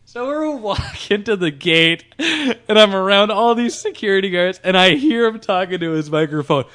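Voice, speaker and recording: Animated man telling a story, lively pitch. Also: normal speed. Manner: animated, laughs while telling, lots of restarts. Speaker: podcast host telling a story. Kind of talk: casual storytelling among friends.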